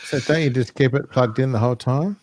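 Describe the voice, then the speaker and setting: A man's voice: mid-range voice, brisk, a little mellow, dry recording. A man guesting on a casual livestream, playful and teasing in his remarks. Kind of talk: casual chat.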